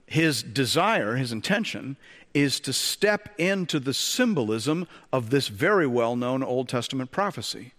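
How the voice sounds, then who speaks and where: A man's voice: medium pitch, expressive, measured pace, fairly bright tone, big-room sound. A male pastor preaching a sermon, talking conversationally with joking asides and rhetorical questions to the congregation.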